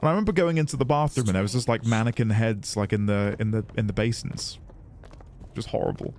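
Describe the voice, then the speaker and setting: A man's voice: lowish voice, fast talker, a little mellow, a little hiss or hum. A man streaming a video game, chatting loosely with his viewers, rambling and laughing often. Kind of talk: casual gaming livestream chat.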